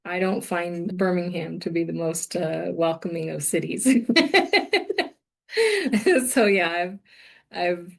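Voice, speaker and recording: A woman's voice: lowish voice, level tone, slow, creaky, long pauses. A woman co-hosting a podcast in casual chat, agreeable and laughing readily. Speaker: podcast co-host. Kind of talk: casual conversation.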